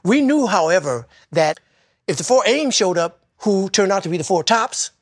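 An older man from Detroit recalling his childhood in a reflective, heartfelt way, sometimes speaking softly. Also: high voice, sing-song, normal speed, no room sound, clean studio sound. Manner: reflective, heartfelt, soft at times. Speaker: interviewee. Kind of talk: personal storytelling.

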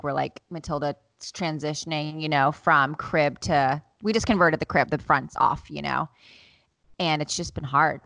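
A woman's voice: deep voice, a bit bright, no room sound. A young woman co-hosting a podcast, telling candid, self-mocking stories and laughing often, sounding worn out. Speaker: podcast co-host. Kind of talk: casual chat.

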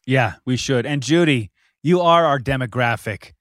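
A man co-hosting a podcast in casual chat, animated and laughing often, repeating words as he gets going. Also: medium pitch, moderate pace, no echo, clean studio sound. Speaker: podcast co-host.

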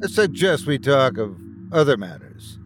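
A man's voice: medium pitch, sing-song, moderate pace, over music, lightly acted. A man voicing a large, polite talking alien creature who speaks in a genteel, reasonable way. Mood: courteous calm.

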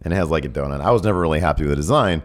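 A man with a very deep, low-pitched voice hosts a podcast while sick with a cold. He rambles, jokes and teases in a loose, casual chat. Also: animated, very fast. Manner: joking, teasing, rambling. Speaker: podcast co-host.

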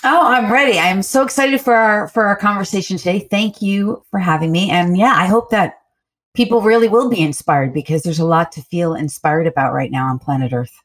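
A woman's voice: mid-range voice, a little fast. A woman from the United States, a guest in an interview, telling her story at length in an earnest way with fillers.

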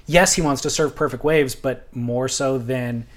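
A man hosting a casual chat, relaxed, asking short questions. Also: medium pitch, measured pace.

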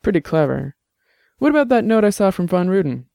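A man voicing a rapidly aging, gruff old former bruiser who talks bluntly and wryly. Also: high voice, sing-song, a little mellow, no room sound, studio quality, voice pushed up, full character voice. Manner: blunt, salty, wry.

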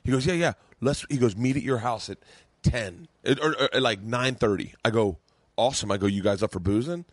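A man hosting a podcast, telling a story in a relaxed, chatty way and swearing freely. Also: mid-range voice, a little fast, dry recording. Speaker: podcast host. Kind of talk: casual chat.

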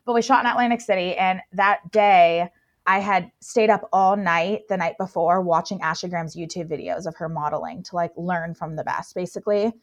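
Excitable young woman telling her story. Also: on the low side, normal speed. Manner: gushing, filler-heavy, excitable. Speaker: guest, plus-size model. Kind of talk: casual storytelling interview.

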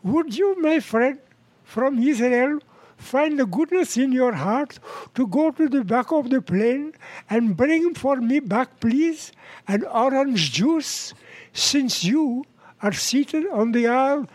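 A man's voice: very high voice, expressive, slow pace, no room sound, pitched above the performer's own voice, full character voice, low-quality recording. An older man voicing a polite, flowery Arab passenger in a joke. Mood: courteous. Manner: formal, flowery pleading.

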